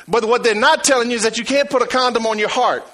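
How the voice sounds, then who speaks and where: A man preaching a sermon, emphatic and repetitive, swinging from loud to hushed. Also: very high-pitched, fast talker, poor audio.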